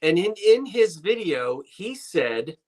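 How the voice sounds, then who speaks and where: A man's voice: sits high, very animated, takes it slowly. A man co-hosting a casual live-stream chat, teasing playfully and telling stories. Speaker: co-host.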